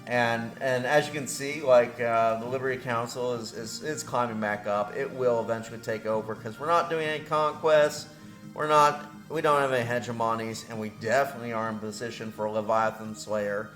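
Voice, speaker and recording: A man's voice: medium pitch, fairly even intonation, moderate pace, fairly bright tone. A man hosting gameplay commentary, rambling and self-deprecating, laughing often. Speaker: game channel host. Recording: roomy echo with faint music.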